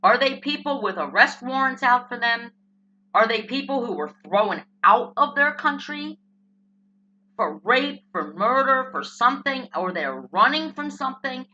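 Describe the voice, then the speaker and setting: A woman with a New Jersey accent rants in a high, bright, sharp voice. Her delivery is brash and blunt, and she swears freely through the comic monologue. The sound is a little dull and lo-fi. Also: animated, a little slow. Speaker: political commentator.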